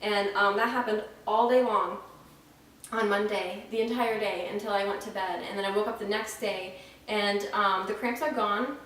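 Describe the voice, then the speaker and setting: A woman's voice: medium pitch, fairly even intonation, normal speed, a bit bright, recorded from a distance. A young woman from Florida talking casually about her pregnancy at home, frank and chatty with many ums, her mouth dry and a little short of breath. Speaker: vlogger. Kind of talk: casual pregnancy update vlog. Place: at home, indoors. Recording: very echoey room, faint noise, off-mic.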